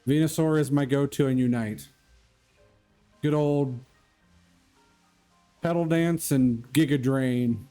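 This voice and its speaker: A man's voice: mid-range voice, takes it slowly, pauses often, dark tone, soft background music. A man streaming live, chatting casually and answering viewers' comments.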